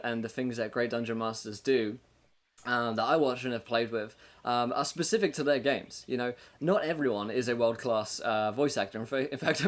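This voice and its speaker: Male game master hosting a live stream, mid-range voice, chatty and upbeat, laughs between points and leans on fillers. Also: mid-range voice. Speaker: game master and show host. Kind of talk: casual livestream monologue with tips for game masters.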